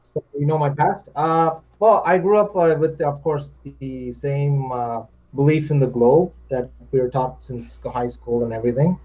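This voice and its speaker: A man's voice: mid-range voice, normal speed, hardly any pauses, a little mellow, rough recording. A man in his thirties from India, a guest on a livestream, talking hesitantly with many fillers and easy laughs. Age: 30s. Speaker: debate guest. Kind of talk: casual livestream chat.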